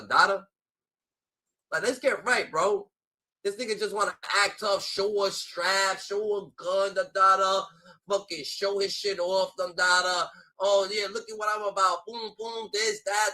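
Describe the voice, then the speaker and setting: Fired-up man ranting, bright husky voice. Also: high-pitched. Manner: profane, mocking, repeats filler "da, da, da". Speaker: streamer reacting to a clip. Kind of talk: heated reaction rant.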